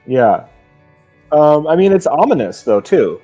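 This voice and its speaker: A man's voice: a little high, sing-song, measured pace, warm tone, faint music behind. A man co-hosting a casual book podcast, musing over the plot in a hesitant way full of restarts. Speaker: podcast co-host.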